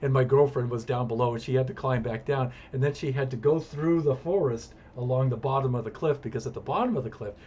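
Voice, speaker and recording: A man's voice: mid-range voice, quick pace, hardly any pauses, warm tone, husky, highs cut off. A man streaming a game, telling a long personal story in a rambling, repetitive way with chuckles. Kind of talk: casual storytelling while gaming.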